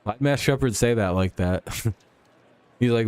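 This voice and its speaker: A man hosting a casual live stream, chatting with viewers and calling pitches as he watches a ballgame. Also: slow pace, darkish tone, clear, resonant tone, dry recording. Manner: chatty, replies to chat while calling pitches.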